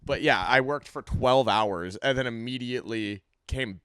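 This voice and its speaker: A man's voice: medium pitch, moderate pace, a bit bright, clean tone, no echo, studio quality. A man co-hosting a podcast in casual chat, wry and teasing, rambling through his stories. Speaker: podcast co-host.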